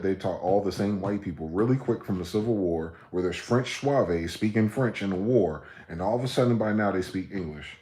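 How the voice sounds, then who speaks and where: Brief: deep-voiced male livestream host, agitated profane monologue that spikes into shouting. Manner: ranting and profane, with sudden high-pitched shouted outbursts; repeats words in rapid chains.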